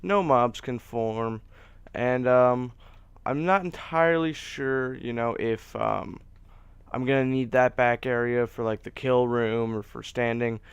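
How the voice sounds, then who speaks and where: A man talks through his gameplay in a relaxed, rambling way, often laughing at his own mistakes. His voice has a gravelly edge but stays crisp and clear, and the sound is dry and close. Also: mid-range voice, measured pace, no room sound. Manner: chatty, rambling, self-deprecating. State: hiccups. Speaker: let's play host. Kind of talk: casual gameplay commentary.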